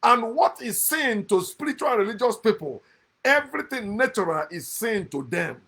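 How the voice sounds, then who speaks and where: A man giving a passionate, mocking monologue on scripture, swinging from loud outbursts to low muttered asides. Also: sing-song, moderate pace, breathy edge. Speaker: online speaker critiquing scripture.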